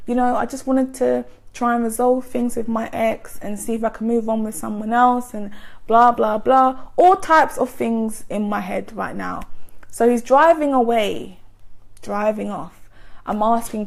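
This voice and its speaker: Gentle-voiced woman with vocal fry. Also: on the high side, unhurried. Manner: chatty, lots of likes and ums. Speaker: vlogger. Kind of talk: casual storytime monologue.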